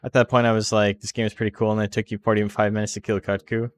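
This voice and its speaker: This tournament commentator is a man whose voice is on the low side, with a level tone and a fast pace. Covering a game on a live stream, he rambles and jokes, saying "like" constantly and cursing freely.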